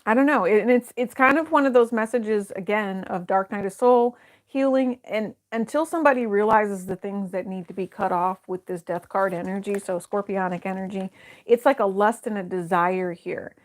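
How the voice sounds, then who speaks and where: A woman at a medium pitch talks through a tarot spread in an easygoing, conversational way. She muses aloud, trails off and circles back as she interprets each card. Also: normal speed. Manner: thinks aloud, hesitant, many fillers and restarts. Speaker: tarot reader. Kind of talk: casual tarot reading to camera.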